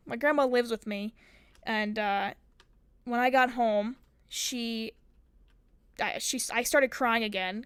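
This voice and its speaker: A woman's voice: fairly high pitch, clean tone, dry recording. A young woman streamer telling a long story in casual chat, rambling, swearing and acting out what people said. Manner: swearing, rambling, acts out quotes.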